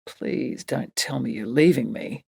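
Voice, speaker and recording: A woman reading the lines of an easygoing, smug grown man in a storybook, voicing him lower and dry. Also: unhurried, gravelly, darkish tone, husky, dry recording, heavily acted. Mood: teasing.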